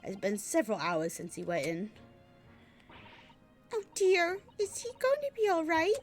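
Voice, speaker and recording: A woman voicing a gentle, polite young woman assistant who speaks courteously. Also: very high voice, huge pitch swings, measured pace, soft background music, pitched above the performer's own voice, exaggerated voice. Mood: concerned.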